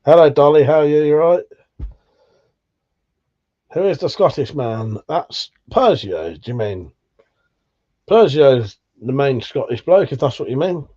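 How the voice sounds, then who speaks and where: Brief: man, livestream host, joking and cursing through chat, warm tone, muffled lo-fi sound. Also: a little high, big pitch swings, measured pace, long pauses. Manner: swearing, joking banter. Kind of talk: casual live chat reading viewer messages.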